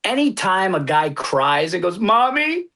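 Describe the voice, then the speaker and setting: A man co-hosting a comedy podcast, telling lively anecdotes in casual banter and laughing often. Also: on the high side, moderate pace. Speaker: podcast co-host.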